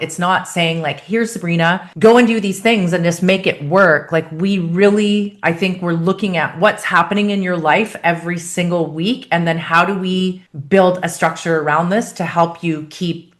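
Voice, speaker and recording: A woman's voice: on the low side, moderate pace, few pauses. A woman nutrition coach in a casual interview, recapping a client's progress with encouraging, filler-heavy talk.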